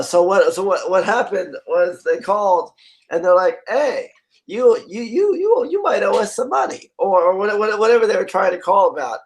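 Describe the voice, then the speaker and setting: A hoarse male streamer chats casually and jokes his way through the comments he reads aloud. His voice sits fairly high for a man. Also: rough recording. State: hoarse, voice partly gone. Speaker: live stream host. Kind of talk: casual live stream chat.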